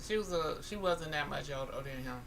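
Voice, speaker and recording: A woman co-hosting a casual talk radio show, animated and talking over the others with mild swearing. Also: sits low, fast talker, a crowd in the background. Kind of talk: casual chat.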